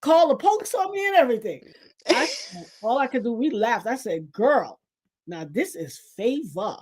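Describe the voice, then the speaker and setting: A woman hosting a livestream, telling a funny story in an animated, preachy way and laughing often. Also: high-pitched, normal speed, slightly rough. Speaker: livestream host. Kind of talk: lively storytelling chat.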